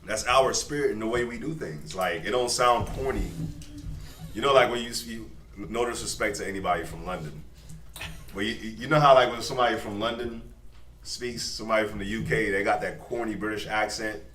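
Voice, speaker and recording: A man, his voice sitting on the low side, talks through scripture in a loose, slangy way and laughs easily. He is heard from a distance in an echoey room. A faint noise runs underneath. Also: fairly quick, a bit bright. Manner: laid-back, slangy, laughs often. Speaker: Bible study leader. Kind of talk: casual Bible study commentary.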